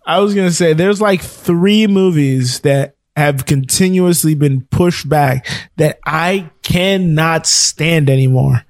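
A man's voice: on the high side, slow pace, dry recording, studio quality. A man co-hosting a casual podcast, chatty and prone to exasperated rants. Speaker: podcast co-host.

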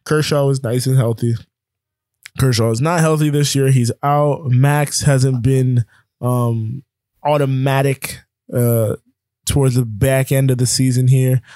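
A man's voice: medium pitch, steady tone, unhurried, warm tone, dry recording, studio quality. A man co-hosting a casual sports talk show, running through rankings and scores with lots of fillers. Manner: rambling, filler-heavy rundown of rankings. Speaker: sports podcast co-host.

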